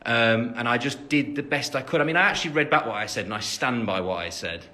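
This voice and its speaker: A man's voice: mid-range voice, lively intonation, quick pace, sharp tone. A young man from England with a Midlands accent, chatting loosely on a phone livestream and answering fan questions with a lot of fillers and self-deprecating asides. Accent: English Midlands. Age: 20s. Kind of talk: casual chat. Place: at home after the gym. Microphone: phone camera.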